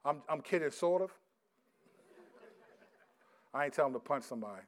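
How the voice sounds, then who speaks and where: A middle-aged male pastor preaching a sermon, reading scripture loudly and slowly, then dropping into quiet, casual stories about his sons. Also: a little high, expressive. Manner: swings from loud emphatic scripture reading to quiet storytelling.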